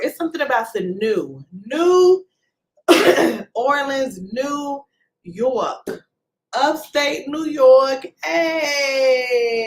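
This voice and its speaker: A woman from Texas with a mid-range voice and a Texan accent hosts a casual livestream from home, and the audio quality is poor. She chats away and greets viewers by name using playful slang.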